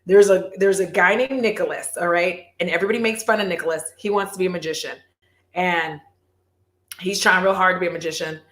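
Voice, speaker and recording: A woman vlogger chatting casually on a livestream, animated, swearing and laughing often. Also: on the low side, fairly quick, reverberant.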